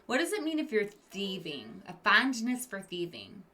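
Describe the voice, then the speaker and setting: A woman's voice: mid-range voice, wildly swooping pitch, normal speed, sharp tone. A woman teacher reading a picture book aloud to children. She stops to explain words, asks the kids questions and drops into whispered asides.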